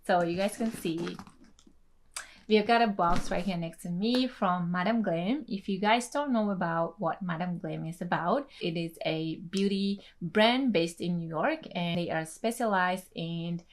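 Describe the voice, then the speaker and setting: A young adult woman who speaks Tetum natively, a beauty vlogger, chats excitedly through an unboxing vlog, gushing and laughing a lot. Her voice is on the low side and unhurried.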